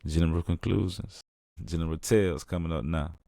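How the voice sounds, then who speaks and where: Gravelly laid-back male podcast host. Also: fairly even intonation, fairly quick, dry recording, studio quality. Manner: laid-back, says "man" constantly, gets loud and high when acting out the story. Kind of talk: casual storytelling.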